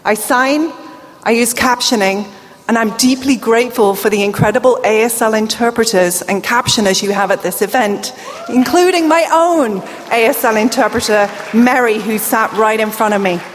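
A high-pitched British woman with a deaf accent gives a lively keynote to a crowd. Her voice carries a long hall reverb, with faint room noise underneath. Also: moderate pace. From England. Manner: lively, crowd-rousing, warm asides to the audience. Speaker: keynote speaker. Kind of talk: conference keynote. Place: large hall.

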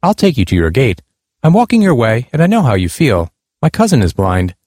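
A man's voice: medium pitch, huge pitch swings, brisk, darkish tone, no echo, clean studio sound. A man reading the lines of a young man who eagerly offers unwanted help. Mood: confiding. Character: overly helpful young man, confiding.

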